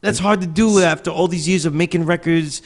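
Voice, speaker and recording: A man hosting a casual interview podcast, relaxed and rambling, often checking in with "you know what I mean". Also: fairly high pitch, fairly quick. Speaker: podcast host.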